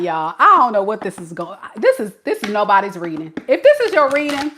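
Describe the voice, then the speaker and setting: Animated woman giving a chatty tarot reading. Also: mid-range voice, brisk, hardly any pauses. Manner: animated, chatty, talks straight to viewers. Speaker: tarot reader. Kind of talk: casual tarot reading for viewers.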